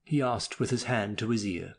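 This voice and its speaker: A man's voice: on the low side, normal speed, gravelly. A man narrating a story in a scripted reading with a theatrical storytelling delivery.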